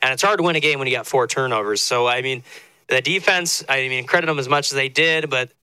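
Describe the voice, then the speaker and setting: A man breaking down a football game in a relaxed, chatty way. His voice is very bright and smooth, recorded dry and close. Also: mid-range voice, fast talker, dry recording, low-quality recording. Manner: relaxed, conversational, many fillers. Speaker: color commentator. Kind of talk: post-game football analysis.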